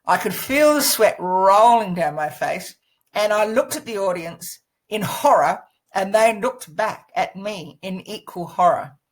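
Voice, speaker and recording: A woman presenting a course lesson, telling a personal story in a lively way and encouraging the listener, speaking seated into a laptop microphone. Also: mid-range voice, a little slow, low-quality recording.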